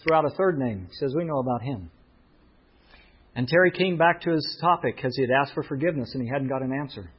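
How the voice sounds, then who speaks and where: In a muffled lo-fi recording, a pastor with a mid-range, breathy-edged voice preaches a sermon at a fast clip. He tells a story expressively, acting out the voices of its characters.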